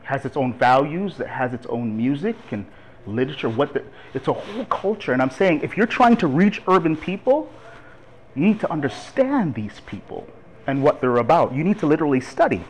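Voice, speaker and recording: Lively man from Toronto preaching. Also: a little high, brisk, a little hiss or hum, poor audio. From Toronto, Canada. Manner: lively, chatty, laughs with the audience. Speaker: guest speaker on urban ministry. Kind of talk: church talk to a congregation.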